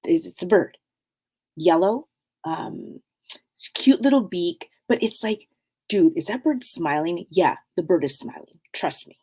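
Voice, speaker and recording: A middle-aged woman hosting a spiritual talk show, speaking in a meandering, casual way full of fillers, often sinking to a soft hush. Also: on the low side, very animated, a little slow, husky.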